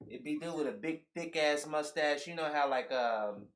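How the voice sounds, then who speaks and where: Young man, slightly high voice, halting, joking, casual chat. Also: a bit bright. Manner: halting, searching for words, joking.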